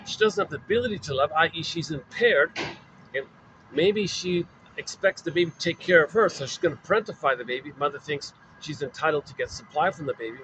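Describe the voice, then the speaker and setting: A man with a slightly high, sharp voice gives an informal lecture on psychoanalysis at a fairly quick pace. He explains repetitively and leans on many fillers, in a low-quality recording with slight background noise.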